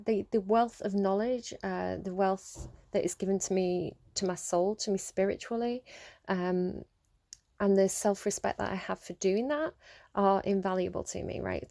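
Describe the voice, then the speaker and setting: A woman's voice: medium pitch, creaky, warm tone, no echo. A woman reading tarot cards, talking earnestly and rambling a little, repeating phrases to stress them. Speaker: tarot reader. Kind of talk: tarot card reading to camera.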